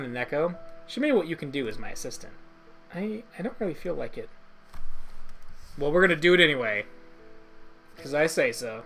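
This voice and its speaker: A man's voice: a little high, fairly bright tone. Man reading a smug, dry young detective. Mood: bossy. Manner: dry, dismissive.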